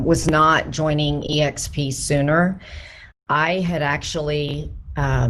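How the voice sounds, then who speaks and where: A woman working as a real estate agent, answering a panel question candidly and with self-deprecating humor. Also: low voice.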